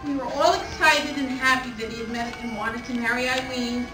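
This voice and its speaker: An older woman giving a heartfelt, measured anniversary toast as maid of honor, reading prepared remarks at a party. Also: fairly high pitch, fairly even intonation, music in the background. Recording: echoey distant room, background noise.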